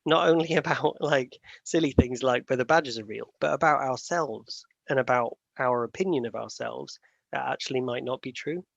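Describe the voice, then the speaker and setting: A man with a gravelly, creaky voice hosts a casual podcast chat. He rambles and laughs at himself as he tells stories. The recording is dry and a little dull. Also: mid-range voice, normal speed, fairly bright tone, no room sound. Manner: rambling, self-deprecating storyteller with many fillers and restarts. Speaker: podcast host.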